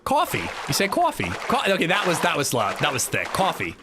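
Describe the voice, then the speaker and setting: A man's voice: on the high side, very animated, fast talker, background noise. A man streaming a game, chatting casually and jokingly answering his chat. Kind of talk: casual livestream chat while gaming.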